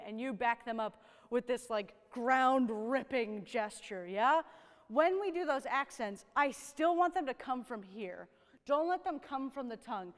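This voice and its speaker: High-voiced woman teacher coaching horns, upbeat, says "right?" a lot, reverby hall. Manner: upbeat, encouraging, frequent "right?" and "like". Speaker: horn teacher leading a sectional rehearsal. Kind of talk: rehearsal coaching. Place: rehearsal room with young musicians.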